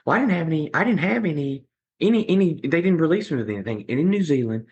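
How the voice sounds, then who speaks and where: A middle-aged man, appearing as a podcast guest, tells a personal story in a conversational, animated way, acting out other people's lines. His voice is a little high and he talks fast; the recording is muffled with slight background noise.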